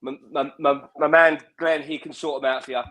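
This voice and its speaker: A man speaking as a relaxed, jokey panelist on a live football fan stream. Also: on the high side, fairly quick. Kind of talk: casual live-stream chat.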